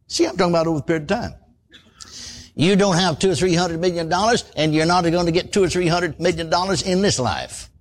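A man's voice: high voice, fast. An older man, preaching a sermon in a folksy, conversational storytelling way, full of asides and repeated words.

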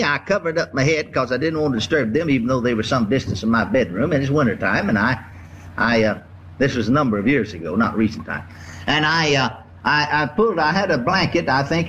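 An older man preaching a sermon to a congregation, telling a story in a folksy, repetitive way with drawn-out emphasis. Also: medium pitch, a bit bright, muffled recording, slight background noise. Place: church before a congregation.

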